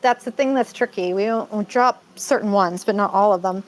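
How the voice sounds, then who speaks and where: A woman's voice: mid-range voice, a little fast, low-quality recording. A woman from Massachusetts co-hosting a casual live-stream chat, rambling and laughing often.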